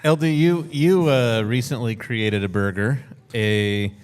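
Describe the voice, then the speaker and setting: A man's voice: medium pitch, a little slow, smooth. A man who is the podcast host, moving the chat along with joking, self-aware segues. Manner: steers talk with self-mocking segues. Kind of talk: casual chat. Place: brewery taproom.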